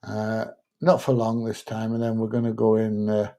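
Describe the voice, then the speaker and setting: A man's voice: fairly low pitch, monotone, moderate pace, creaky, dark tone. A middle-aged man, chatting casually on a live stream and reading out viewer comments, thinking aloud with plenty of fillers.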